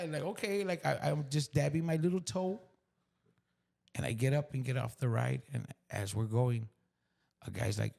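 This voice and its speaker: Gravelly South Texas man, raw and profane. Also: mid-range voice, moderate pace. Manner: raw, profane, swinging from hushed whispers to loud bursts. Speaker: podcast guest. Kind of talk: emotional storytelling.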